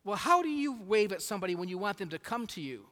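A man playing a kind, gruff old farmer, broken English, fairly high voice, long hall echo. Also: big pitch swings, fast, bright, forceful tone, full character voice. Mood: friendly. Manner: speaks in broken, accented English. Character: big older male farmer, gruff but kind.

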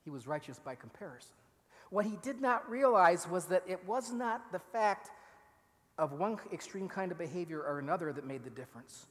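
A man with a fairly high voice delivers a sermon in what sounds like a church sanctuary. He acts out the quoted words with mounting force, then falls to a hush to drive a point home. Long reverb from the large room trails each phrase. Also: moderate pace. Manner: animated, acts out quoted lines, drops to near-whisper for emphasis. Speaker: preacher.

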